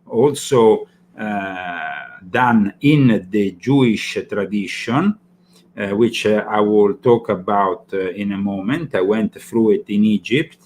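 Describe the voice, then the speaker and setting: A man with an Italian accent hosting a talk show, speaking in halting sentences full of fillers and repeated words. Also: fairly low pitch, a little mellow, slight background noise. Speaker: host. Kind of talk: casual talk-show commentary.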